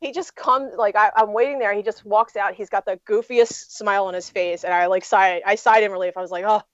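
A young woman recounting a story in a loose, rambling way, full of "like" and "you know" and restarted sentences. Her voice sits at an average pitch and sounds slightly dull and lo-fi. The room is dry, with no echo. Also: fairly even intonation, a little fast. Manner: rambling with many fillers and restarts. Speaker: poker player guest. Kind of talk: casual storytelling interview.

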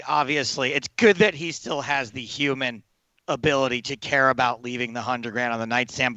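A man's voice: mid-range voice, sharp tone, no echo, muffled recording. A man hosting a casual interview, chatting and asking wry questions. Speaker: podcast host.

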